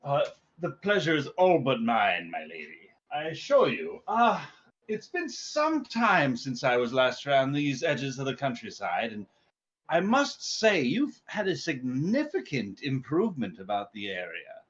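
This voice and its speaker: Guy doing a flowery formal doctor type, lively pitch, bit muffled audio. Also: a little slow. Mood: courtly. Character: courtly, well-traveled gentleman doctor. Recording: slightly muffled stream audio.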